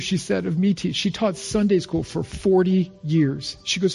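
A male pastor preaching a sermon, telling stories with emphasis and going quiet on key phrases. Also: high voice, moderate pace, gravelly, few pauses, husky, faint music behind. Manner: storytelling, quotes others in lively voices.

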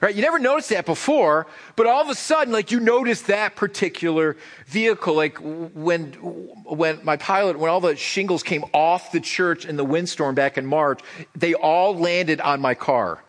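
A man's voice: fairly high pitch, moderate pace. A middle-aged man preaching a sermon as pastor, conversational and joking, often repeating words as he starts a sentence.

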